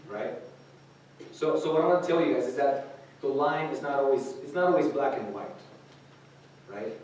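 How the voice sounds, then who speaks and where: A man's voice: medium pitch, lively intonation, moderate pace, darkish tone, slight background noise. Man preaching informally in an echoey hall. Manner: conversational, many fillers and restarts. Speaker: youth speaker. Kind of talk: informal sermon to a group. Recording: echoey room recorded from a distance.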